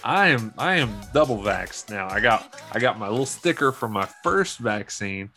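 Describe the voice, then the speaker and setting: A young man co-hosting a relaxed podcast chat, breaking into mock-serious quotes to get a laugh. His voice sits a touch low but comes across bright and forceful. Soft music plays faintly behind him. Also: normal speed. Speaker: podcast co-host. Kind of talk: casual chat.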